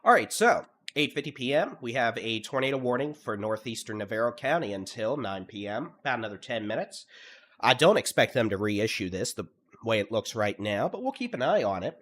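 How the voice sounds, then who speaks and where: A middle-aged Texan man giving live severe weather updates, listing towns and hail timings in a steady, at times monotone briefing while congested from allergies. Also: mid-range voice, fairly quick. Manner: steady briefing cadence, lists place names, at times monotone. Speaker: storm chaser and severe weather streamer. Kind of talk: live weather coverage commentary.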